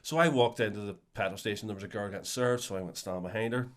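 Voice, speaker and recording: A man with a Belfast accent telling a funny story in casual podcast chat, sweary and animated, acting out the people in it. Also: fairly low pitch, fast. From Northern Ireland. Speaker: podcast co-host.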